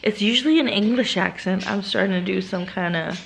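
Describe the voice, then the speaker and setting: A woman's voice: medium pitch, a little fast, gravelly, a little hiss or hum. A woman vlogging casually outdoors, giggly and rambling and poking fun at herself, recorded on a handheld phone. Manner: giggly, rambling and self-mocking. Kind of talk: casual vlog chat. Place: outdoors at a park.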